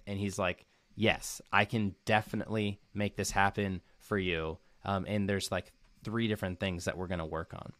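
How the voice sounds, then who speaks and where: A man's voice: lowish voice, dry recording. A young man giving an earnest, casual recap to camera as a motivational coach, often using "like" as a filler and repeating key phrases.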